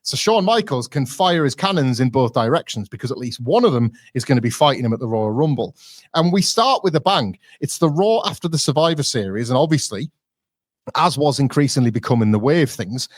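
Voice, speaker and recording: A man's voice: medium pitch, animated, a little fast, dry recording, studio quality. A man co-hosting a podcast, retelling events in a chatty, wry and digressive way. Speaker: podcast co-host. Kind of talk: casual podcast review.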